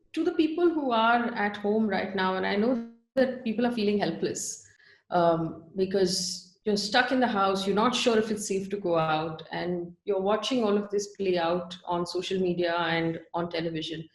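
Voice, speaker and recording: A woman hosting an interview and asking gentle, probing questions. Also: medium pitch, normal speed. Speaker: interviewer and host. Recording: roomy echo.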